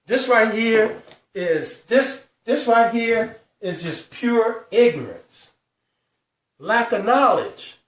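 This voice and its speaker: A man hosting a live financial talk, stressing each number slowly and calling out to his viewers. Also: high-pitched, lively intonation, recorded from a distance. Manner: emphatic, drawn-out numbers, calls out to viewers. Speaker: host. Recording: echoey room, speaker away from mic.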